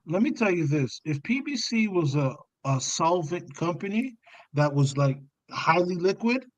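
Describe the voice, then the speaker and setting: A man's voice: high-pitched, very animated, measured pace, no room sound, lo-fi sound. A man co-hosting a casual boxing talk show, laid-back and arguing his points plainly. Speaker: boxing podcast co-host. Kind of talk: casual chat.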